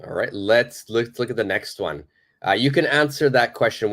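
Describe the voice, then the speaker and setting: A man's voice: mid-range voice, animated, moderate pace, a bit bright. A man teaching English in a live online lesson, explaining phrases emphatically and reading out viewer comments.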